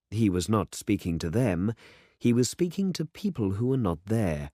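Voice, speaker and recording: A man narrating a story for English learners in a measured, deliberate manner. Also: lowish voice, sing-song, mellow, no room sound, clean studio sound.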